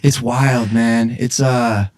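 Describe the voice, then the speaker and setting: Young male host, loose rambling delivery, mid-pitched and ordinary. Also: steady tone, slow pace, darkish tone. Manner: rambling with many restarts and fillers. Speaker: podcast host. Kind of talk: casual chat.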